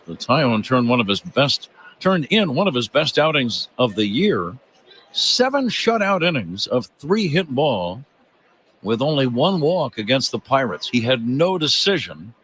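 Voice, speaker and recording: A man calling a baseball game on radio as play-by-play announcer, in a steady, genial, informative manner. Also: mid-range voice, unhurried, a little hiss or hum.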